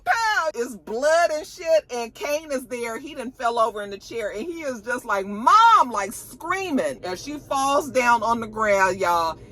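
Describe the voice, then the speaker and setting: Female vlogger, slangy and dramatic, a touch high-pitched. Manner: animated, dramatic, slangy storytelling. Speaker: TV recap vlogger. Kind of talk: casual recap chat.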